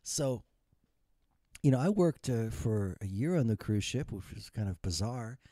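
A man in his fifties tells his story in a wry, rambling, self-mocking way. His voice is lowish and mellow. The sound is dry and close, with no room around it. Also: lively intonation, moderate pace, no echo. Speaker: retired musician telling his story. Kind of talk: humorous storytelling monologue.

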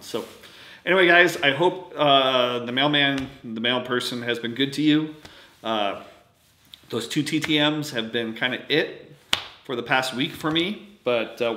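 A man chatting casually on his vlog, halting with lots of fillers, losing his voice a little. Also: medium pitch, pushed and bright, echoey room, a little hiss or hum. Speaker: autograph collecting vlogger. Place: indoors at home at night.

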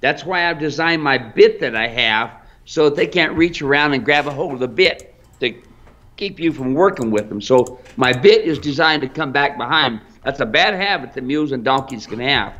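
A man's voice: medium pitch, expressive, normal speed, pushed and bright. A man with an American accent who owns a mule ranch, giving folksy training advice on a live stream and calling viewers folks. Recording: dull lo-fi live stream audio.

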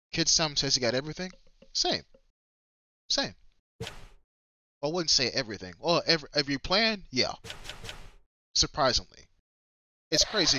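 A man's voice: a little high, bright, forceful tone, highs cut off. A man livestreaming a shooter game, giving casual, slangy and profane commentary straight to his viewers and opponents and repeating his own phrases. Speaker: livestreaming gamer.

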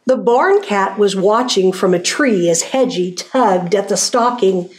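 A woman from a zoo staff reading a children's storybook aloud in a gentle, sing-song way, with hushed asides. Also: mid-range voice, animated, a little slow.

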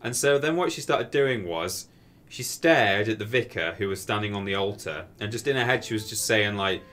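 A man's voice: lowish voice, expressive, moderate pace, a bit bright, faint music behind. A man chatting casually while streaming a video game, rambling and amused as he tells stories. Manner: rambling, self-amused storytelling. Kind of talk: casual gameplay commentary.

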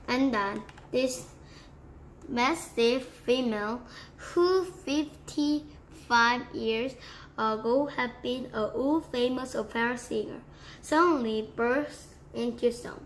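A woman reading a children's book aloud in a slow, careful way. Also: a little high, a little hiss or hum. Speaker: book reader.

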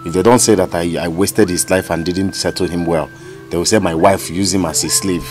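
A man's voice: sits low, steady tone, a little fast, close to an everyday voice. An actor with a Nigerian English accent playing an anguished businessman who stammers and repeats himself in distress, with film music behind. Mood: pleading. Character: anguished city businessman man, pleading and frantic. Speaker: Uchenna, a city businessman. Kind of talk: Nollywood film acting. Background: film score music.

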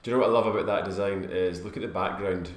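Deep-voiced relaxed man, echoey room. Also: racing. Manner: relaxed, enthusiastic remarks. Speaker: live stream co-host. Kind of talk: casual live stream chat.

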